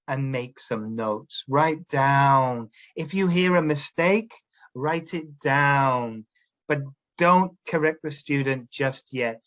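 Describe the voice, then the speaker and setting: A man's voice: a little high, fairly bright tone, dull audio. A man training teachers, explaining classroom steps and checking in often with "all right?". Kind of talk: instructional talk to teachers.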